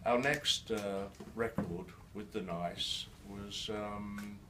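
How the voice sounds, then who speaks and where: An older man speaking to a live audience, halting with many restarts, his words slightly slurred by a new denture. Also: lowish voice, bright, forceful tone. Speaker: guest speaker. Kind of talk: live storytelling talk. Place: event hall with an audience. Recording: distant mic in a noisy room.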